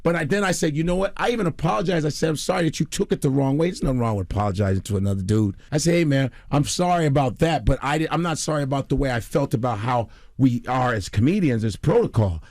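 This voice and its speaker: A middle-aged man from Chicago, a comedian guest telling an animated story on a radio talk show. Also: mid-range voice, fast, few pauses, no room sound, studio quality. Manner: animated, acts out quoted voices.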